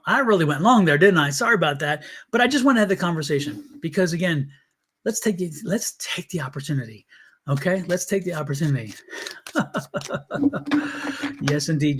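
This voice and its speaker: A man hosting a live tarot stream, talking to viewers in an earnest, blunt and chatty way. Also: sits high. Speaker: tarot reader and livestream host.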